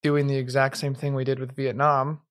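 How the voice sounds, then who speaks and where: A man's voice: medium pitch, level tone, fairly quick, fairly bright tone. A man joining a comedy podcast chat, speaking hesitantly with fillers and trailing sentences.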